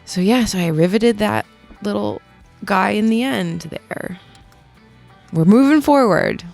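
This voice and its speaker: A woman's voice: mid-range voice, animated, a little slow, vocal fry, a little mellow, soft background music. A young adult woman who works as a metalsmith, recording a casual voiceover on her own footage. She rambles, mocks herself and laughs often. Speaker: metalsmith and video maker. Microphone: studio voiceover mic.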